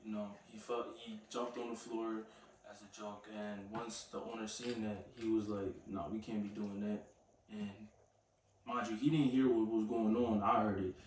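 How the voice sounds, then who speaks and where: Man, low voice, matter-of-fact witness, distant mic, echoey room. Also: flat delivery, moderate pace, a little hiss or hum. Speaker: companion and witness. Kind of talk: casual chat.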